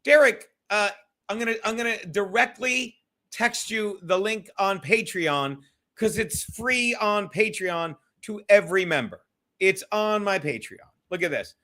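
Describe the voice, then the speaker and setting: A man's voice: sits high, lively intonation, a little slow, sharp tone. A male host chatting casually on a livestream, rambling and talking straight to his viewers in the chat. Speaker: podcast host reading live chat.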